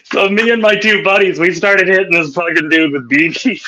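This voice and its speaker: A man's voice: sits high, normal speed, pushed and bright, lo-fi sound, slight background noise. A man hosting a podcast, telling profane, rowdy anecdotes in casual chat and laughing through them. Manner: laughs through his stories. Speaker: podcast host.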